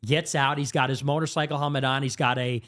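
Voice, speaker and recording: A man as a podcast guest, recounting a story in a fast, animated way with sudden pitch jumps. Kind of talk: casual storytelling interview. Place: podcast studio.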